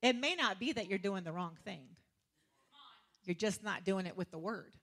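A woman preacher, giving a lively sermon full of laughter, casual slang and sarcastic humor. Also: medium pitch, normal speed.

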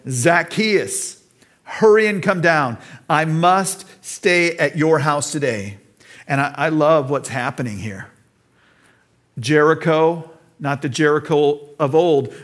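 A pastor with an American accent preaching an earnest sermon to his church, now and then acting out voices in the story he tells. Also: a little high. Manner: earnest preaching, acts out quoted dialogue.

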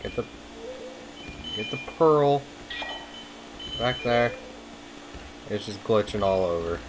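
A man playing a video game and talking to himself, with excited outbursts and swearing. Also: lowish voice, slow, background noise. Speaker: let's play host. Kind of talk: gameplay commentary. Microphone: desktop USB mic.

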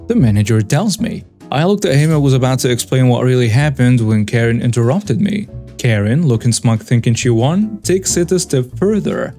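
A man reading out a story in a steady, scripted narration, barely changing his voice for the quoted parts. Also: medium pitch, moderate pace, hardly any pauses. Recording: faint music behind the voice.

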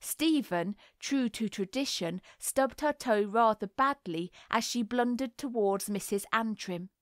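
A woman narrating a classic novel as an audiobook in a measured, unhurried reading. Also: on the high side, no echo, studio quality.

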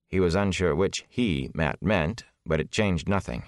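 Deep, expressive male narrator. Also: unhurried, few pauses, no room sound, studio quality. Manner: expressive storytelling. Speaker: audiobook narrator. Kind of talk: scripted fantasy narration.

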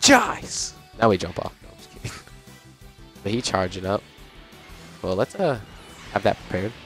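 A young man giving casual, chatty commentary on a video game as he plays, reacting out loud and laughing often. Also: deep voice, normal speed. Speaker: gaming channel host. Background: game music.

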